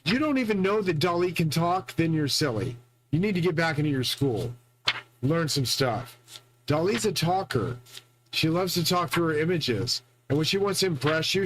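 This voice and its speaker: A man's voice: fairly high pitch, fairly bright tone, rough recording. Rambling, boastful man monologuing. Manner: boastful, profane, rambling with restarts. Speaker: channel host.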